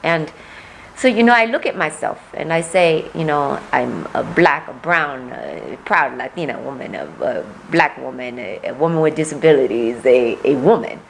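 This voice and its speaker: A woman running for office, answering interview questions in a soft voice that lacks volume, earnest and repeating words as she builds her point. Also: extremely low pitch, lively intonation, moderate pace, gravelly, slight background noise, rough recording. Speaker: political candidate.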